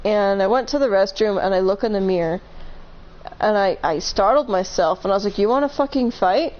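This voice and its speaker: A woman's voice: mid-range voice, fairly quick, a little mellow, dull audio. A woman casually telling a long story on a live stream, rambling, correcting herself and laughing between points.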